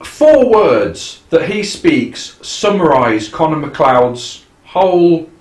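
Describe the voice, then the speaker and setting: A man's voice: fairly high pitch, big pitch swings, takes it slowly, a little mellow. A man co-hosting a casual, sarcastic film commentary podcast. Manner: chatty, sarcastic, doing mock film voices. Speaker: podcast co-host. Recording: echoey room.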